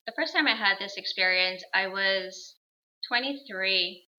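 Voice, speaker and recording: A woman's voice: mid-range voice, a little slow, pushed and bright, poor audio. A woman in her thirties, a guest on an interview show, telling a personal story in an earnest, reflective way and repeating phrases for emphasis.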